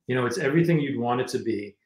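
A man's voice: medium pitch, expressive, rapid-fire, echoey room, poor audio. A man, a guest musician telling casual anecdotes with lots of restarts. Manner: rambling anecdotes with many restarts. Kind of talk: casual storytelling interview.

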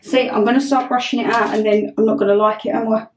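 A woman's voice: fairly high pitch, steady tone, fast, a little hiss or hum. A young woman chatting through a getting-ready vlog at home, flustered and self-mocking. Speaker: vlogger.

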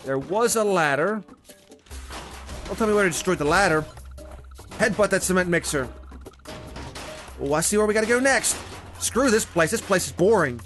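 A young man giving excitable, casual gameplay commentary as the channel's host, swearing often and breaking into loud outbursts. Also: high voice, moderate pace, long pauses, faint music behind.

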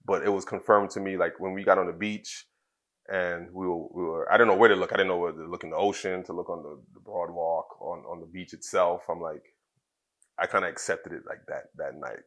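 A middle-aged man from Trinidad, a former wrestler, telling personal stories as an interview guest in a halting, candid way with many fillers and restarts. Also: low-pitched, steady tone, a bit bright. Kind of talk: casual interview storytelling.

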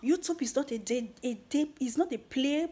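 A Nigerian woman talks straight to her viewers with earnest, preachy energy, urging them to work hard. Her voice is husky and breathy, sitting a little high for a woman, and she slips into Pidgin as she goes. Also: normal speed, warm tone. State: emotional, near tears at the end. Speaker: YouTuber. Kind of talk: motivational talk to viewers.

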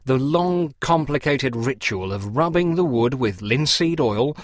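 A man's voice: mid-range voice, lively intonation, a little slow, dry recording, studio quality, pitched above the performer's own voice, natural voice. A man voicing a fussy, pompous middle-aged clergyman who lectures in a precise, theatrical way. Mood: lecturing.

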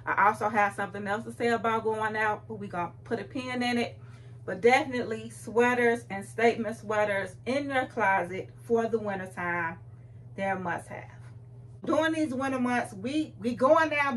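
A woman's voice: fairly high pitch, moderate pace, fairly bright tone, slight background noise. Chatty woman vlogger. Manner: chatty, playful, talks straight to viewers. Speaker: fashion vlogger. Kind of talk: casual chat to camera. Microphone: phone.

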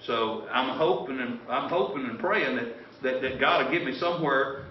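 Preaching from a church sanctuary, this pastor rambles in a folksy way and restarts often. His medium-pitched voice keeps a normal speed, with slight background noise. The audio has the roomy, distant, dull sound typical of a church recording.

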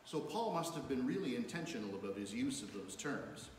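A man's voice: medium pitch, big pitch swings, brisk. A man preaching a sermon as pastor, reading scripture aloud with rising emphasis. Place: church sanctuary. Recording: echoey church hall, faint room noise.

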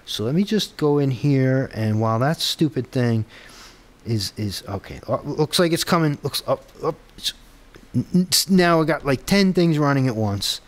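Guy debugging his app out loud, grumbling and rambling, mid pitch. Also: expressive, normal speed. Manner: muttering, frustrated, talks to himself while debugging; rambling, self-deprecating asides. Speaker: app developer vlogger. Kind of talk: casual screen-recorded tech vlog.

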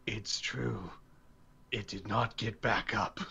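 A man voicing a demon troll with a very deep, raspy voice. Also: fairly even intonation, slow, sharp tone, dull audio, full character voice. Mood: grave.

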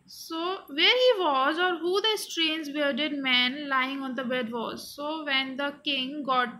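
High, slow woman teacher explaining a story. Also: bright, forceful tone, low-quality recording. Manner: reads a line then re-explains it in simple words. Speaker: English teacher.

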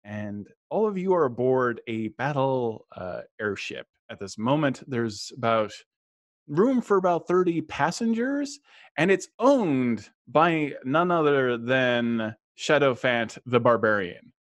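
A man's voice: mid-range voice, lively intonation, takes it slowly, no echo. A man running a tabletop game as game master, narrating the setting and reading out donations with frequent chuckles and stumbles. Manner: chuckling, stumbles over words while reading.

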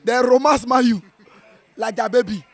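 Excitable Nigerian man, high voice. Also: moderate pace, creaky. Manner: animated, switching into Nigerian Pidgin, playful and boastful. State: strained voice from shouting. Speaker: football fan. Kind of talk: excited match reaction. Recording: outdoor viewing center.

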